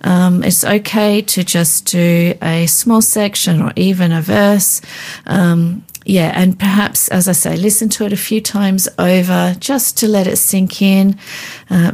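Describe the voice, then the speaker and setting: A woman leads a devotional teaching chat, explaining steps patiently and often pausing on filler sounds. Her voice sits low and carries a gravelly fry at the edges. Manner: calm, instructive, with frequent filler sounds.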